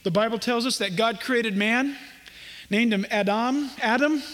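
A man's voice: very high-pitched, measured pace, a bit bright, in a large hall. A man preaching a sermon as pastor, folksy and joking, acting out little dialogues. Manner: folksy, jokey asides, acts out little dialogues.

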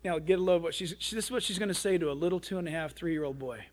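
A man preaching with a high, light voice. He tells a story with lots of energy and acts out the voices of the people in it. The talk is a sermon for radio. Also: racing. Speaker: pastor.

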